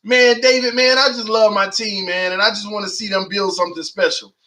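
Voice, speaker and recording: Male fan host, very high voice, emphatic excitable chat, leans on "man" and "y'all". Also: a little fast. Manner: emphatic, shouts and preaches at viewers; drawling, says "man" and "y'all" constantly.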